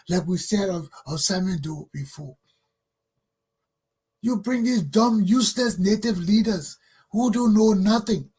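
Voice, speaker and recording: A man's voice: high-pitched, darkish tone, breathy edge. A Liberian man hosting a talk show, delivering an angry, scolding monologue that circles back on itself. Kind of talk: ranting monologue.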